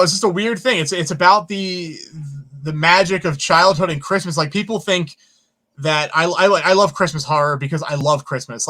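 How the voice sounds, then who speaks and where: A man who is a filmmaker guest, telling stories in an interview in an animated way and swearing casually. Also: a little high. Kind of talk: storytelling in an interview.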